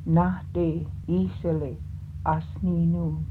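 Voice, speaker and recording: A woman teaching words of a language, saying each one slowly and more than once, then explaining what it means. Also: on the low side, level tone. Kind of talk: teaching vocabulary, slow repeated words. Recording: tinny phone-like lo-fi recording with hiss.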